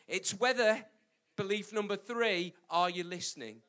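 High-voiced British preacher, emphatic. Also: male voice, unhurried, a bit bright. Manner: emphatic, repeats key points, jokey asides. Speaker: pastor. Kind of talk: sermon.

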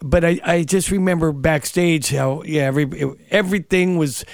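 A man's voice: fairly high pitch, normal speed, dry recording, clean studio sound. A man hosting an interview, encouraging his guest with short affirmations and follow-up questions. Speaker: interview host. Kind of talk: interview conversation.

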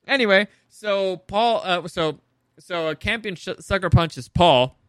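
A man's voice: high-pitched, a little slow, fairly bright tone, clear, resonant tone, no room sound, clean studio sound. A young man casually recapping a show episode, rambling and swearing, often laughing at his own jokes.

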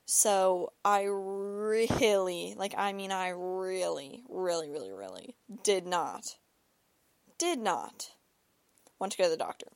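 Fighting an ear and throat infection, a young woman hosts her podcast and casually rambles through a personal story, leaning on "like" and repeated words. She speaks at a measured pace with lively intonation, vocal fry and frequent pauses. Her voice is on the low side, and there's no echo.

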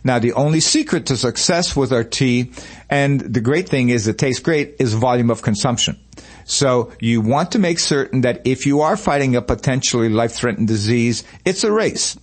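A man's voice: mid-range voice, expressive, moderate pace. Man, radio show host, promotional talk, casual storytelling, lots of ums and uhs, studio mic. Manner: conversational storytelling with many fillers.

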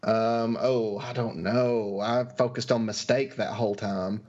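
A man of middle pitch plays along in a casual podcast quiz. He is chatty and playful and sighs as he hedges his guesses, all through a dull, lo-fi recording. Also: fairly even intonation, unhurried, darkish tone. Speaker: podcast co-host, quiz contestant.

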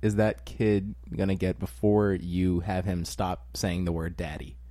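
A man's voice: low-pitched, flat delivery, a little slow, mellow, no room sound. A young man co-hosting a podcast in casual chat, asking blunt, dry questions. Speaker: podcast co-host.

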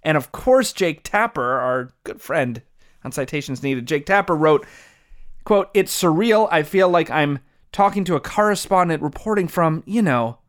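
A man's voice: a little high, expressive, normal speed. A man co-hosting a political podcast, talking in a wry, sarcastic way and laughing often. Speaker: podcast co-host. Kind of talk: political commentary chat.

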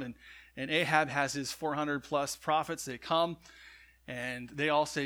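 A man delivers a sermon in a relaxed, conversational way, often checking in with the listeners between points. His voice sits a little high for a man and has a bright, forceful edge. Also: normal speed. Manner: conversational, frequent "right?" asides. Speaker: pastor.

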